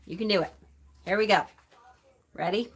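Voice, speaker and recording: A woman's voice: mid-range voice, moderate pace, husky. A middle-aged woman hosting a live stream, chatting casually and answering viewers' comments by name. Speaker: host of a pagan live stream.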